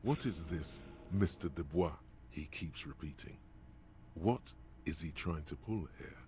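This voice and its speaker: A man's voice: unhurried, mellow, a little hiss or hum. A man voicing a harsh, mocking inner narrator voice in a video game. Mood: taunting. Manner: deep, mocking, commanding. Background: game music.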